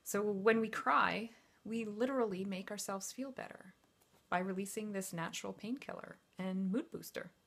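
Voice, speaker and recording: A woman life coach giving a lively, frank and chatty talk to an audience. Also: mid-range voice, moderate pace, vocal fry.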